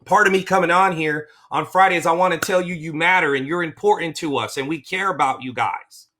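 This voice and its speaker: A middle-aged man talks straight to his viewers as a coach for veterans' claims. His voice sits a little high and rings bright and forceful. He is emotional and rambling, often breaking off and starting his sentences over. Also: a little fast. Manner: emotional, rambling, self-interrupting. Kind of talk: motivational vlog talk.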